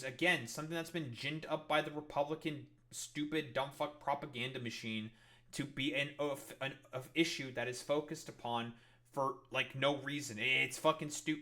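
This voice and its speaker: A man's voice: a little high, sharp tone. A man streaming a reaction to a clip, ranting about politics with constant swearing and mocking exasperation. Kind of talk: profane political rant.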